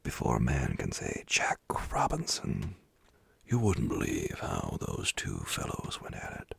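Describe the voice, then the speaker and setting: A man tells a bedtime story in a soft whispered role-play. His whisper is deep, gravelly and very breathy. The pace is slow and the sound is dry and close. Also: wildly swooping pitch, dry recording.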